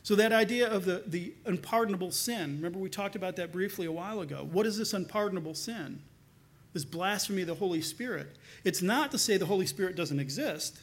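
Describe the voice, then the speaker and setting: A male pastor delivers a sermon in a high, light voice. He tells the story in an animated, conversational way with casual asides. He often repeats a word as he starts a sentence again. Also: fast. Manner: repeats words when restarting.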